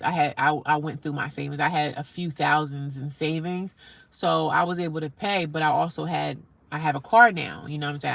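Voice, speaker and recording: A middle-aged woman talks casually to her live-stream viewers, answering their comments as she goes. Her voice sits low, with a gravelly edge and a bright, forward tone.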